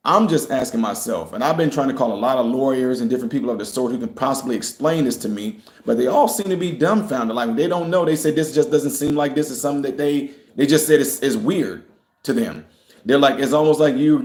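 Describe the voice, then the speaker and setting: A man runs a casual news commentary, reading headlines aloud before breaking off to talk them over with his viewers. His pitch sits in the ordinary middle, and his talk is loose and full of restarts. The sound is roomy and echoey. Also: darkish tone. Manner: talks straight to viewers, reads headlines aloud then comments; conversational with fillers and restarts, casual phrasing.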